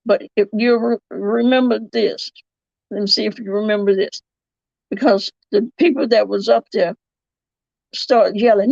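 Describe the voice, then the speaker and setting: Woman, livestream commentary, rambling and self-correcting, slow-paced, dull lo-fi audio. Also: mid-range voice, fairly even intonation, creaky, a little mellow, no room sound. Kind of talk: casual live-chat commentary.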